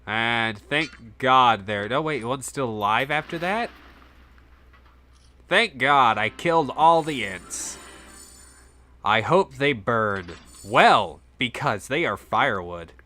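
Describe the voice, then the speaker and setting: A man's voice: mid-range voice, lively intonation, slow pace, pushed and bright. A man playing a tower defense game, joking around and swearing at the enemies. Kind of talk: casual let's play chat.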